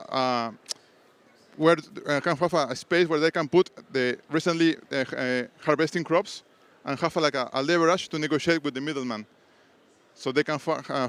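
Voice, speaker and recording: Man pitching with halting restarts. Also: a bit bright, smooth. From Peru. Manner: hesitant, many restarts and fillers. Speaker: startup founder pitching. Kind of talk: conference pitch. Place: conference stage.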